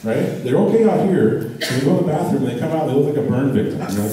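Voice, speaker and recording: A man performing stand-up, deadpan and rambling, his voice at a middling pitch. He sounds distant from the mic in a very echoey theater. An audience laughs around him. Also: quick pace, few pauses. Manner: deadpan, rambling with many fillers. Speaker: stand-up comedian. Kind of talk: stand-up comedy set. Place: theater stage.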